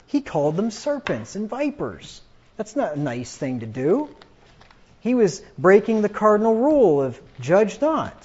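Man, preacher, emphatic sermon, high-pitched voice, muffled lo-fi sound. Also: sing-song, unhurried, slightly rough. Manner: emphatic, rises loud when quoting scripture. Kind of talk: sermon with scripture readings. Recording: dull lo-fi recording.

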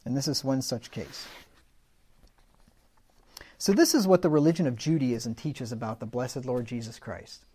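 A man's voice: medium pitch, normal speed, pauses often, warm tone, breathy edge. A man preaching a sermon in an emphatic, conversational way, often restarting his sentences.

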